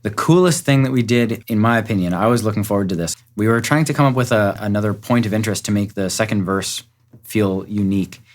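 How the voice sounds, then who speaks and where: A man's voice: fairly low pitch, fast. A man, a music producer, giving an upbeat, enthusiastic walkthrough of how a song was produced. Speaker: music producer and recording engineer. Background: faint music from the track.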